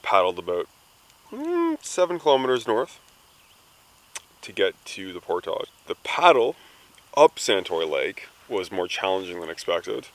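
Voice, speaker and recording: A man with a very low voice sums up a day of paddling from a wilderness campsite. His talk is relaxed and unpolished, and he stumbles over repeated words. It sounds like an informal video diary. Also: unhurried, poor audio. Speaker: canoe trip member recapping the day.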